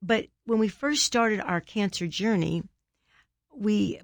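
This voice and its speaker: A middle-aged woman speaks as an author guest, telling a personal faith story in an earnest storytelling manner. Her voice carries a gravelly edge and a mid-range pitch. The sound is dry and close. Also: lively intonation, takes it slowly, dry recording. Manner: earnest storytelling, preachy questions to listeners.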